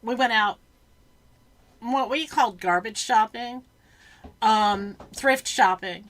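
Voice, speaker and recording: A woman's voice: a little high, slow pace, fairly bright tone. A woman hosting a casual chat, telling a story with plenty of ums as she goes. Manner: chatty storyteller, filler-heavy. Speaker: podcast host.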